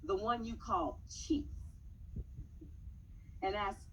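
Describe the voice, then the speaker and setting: A woman giving a dramatic poetry recitation at a public meeting, measured, with pointed pauses and rising emphasis. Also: mid-range voice, steady tone, slight background noise, rough recording.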